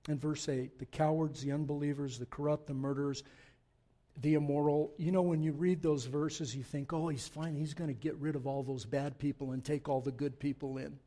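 A man in his sixties delivers a sermon in a fairly high yet mellow voice. He drives his main points with loud emphasis, then falls back into quiet, reflective asides. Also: fairly even intonation, normal speed. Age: 60s. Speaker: pastor.

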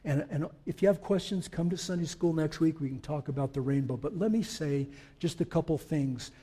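A man preaching to his congregation in a fairly high voice. He talks things through quietly with them, checking that they follow, then builds to loud, forceful proclamations. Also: a little fast, husky. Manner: swells from quiet explanation to loud emphatic declarations; conversational asides to the congregation. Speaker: pastor. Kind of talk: sermon.

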